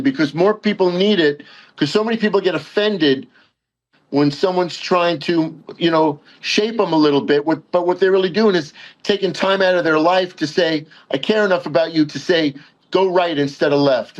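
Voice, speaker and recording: A middle-aged man from Long Island, a guest in casual chat, talking haltingly with many fillers and agreeing warmly. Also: on the high side, muffled recording. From Long Island, New York.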